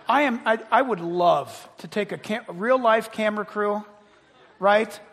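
A man preaching a sermon as pastor, animated and joking, acting out the voices of other people. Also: sits high, unhurried, big-room sound, slight background noise.

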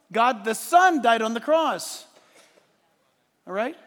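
Pastor, male, very high voice, emphatic sermon delivery, quiet asides to shouts, church sanctuary with long reverb. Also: lively intonation, brisk, some chatter behind. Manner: emphatic, swings from hushed to shouting, laughs at his own points.

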